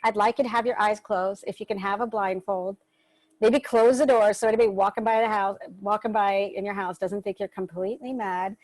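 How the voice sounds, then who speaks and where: A woman's voice: mid-range voice, fairly even intonation, fairly quick, a little mellow, no room sound, rough recording. A woman hosting an online workshop over a video call, giving casual spoken instructions in a loose, chatty way with the odd swear word. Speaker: workshop host.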